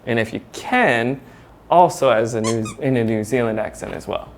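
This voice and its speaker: A man's voice: mid-range voice, moderate pace, a little hiss or hum. A man hosting a casual interview, encouraging his guest with frequent murmurs of agreement and easy laughter. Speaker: interview host.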